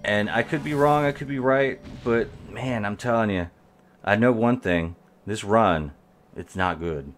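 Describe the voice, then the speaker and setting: A game streamer with a fairly low voice rambles through live commentary at an unhurried pace, chatting with his viewers as he plays. There is slight background noise.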